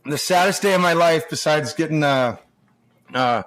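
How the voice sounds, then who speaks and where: Middle-aged male podcast guest, pitched a bit high, swears freely and tells animated stories in a loose, casual way. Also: normal speed. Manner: animated, profane anecdote-telling with restarts. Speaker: podcast guest, former hockey player. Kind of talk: casual storytelling chat.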